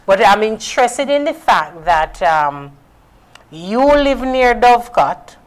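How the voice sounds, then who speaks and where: A woman's voice: a little high, very animated. A woman hosting a casual chat, drawn out and full of fillers. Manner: slow, drawn-out, lots of fillers.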